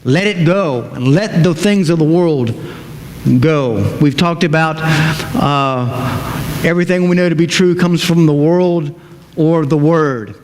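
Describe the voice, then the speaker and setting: A man's voice: fairly high pitch, a little mellow, slight background noise. Male pastor, emphatic sermon delivery, roomy church sound with faint background ambience. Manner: emphatic preaching, slows down to stress words. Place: church sanctuary. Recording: echoey hall with faint ambience.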